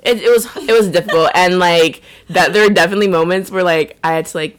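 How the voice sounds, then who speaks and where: A young woman telling stories in casual chat, animated and full of "like". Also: lowish voice, fast talker. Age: young adult. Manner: chatty, animated storytelling with lots of "like". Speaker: podcast co-host.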